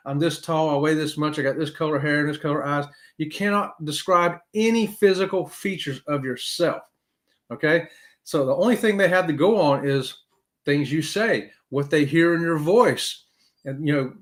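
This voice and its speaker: A middle-aged man hosts a casual live stream, chatting to viewers with a lively voice that swoops up high for emphasis. His speech sits fairly high for a man and keeps bouncing around. He sounds loose and neighborly, talking right to the people watching. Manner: animated, talks straight to viewers with "y'all", swoops high for emphasis. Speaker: host of a live cruise chat show.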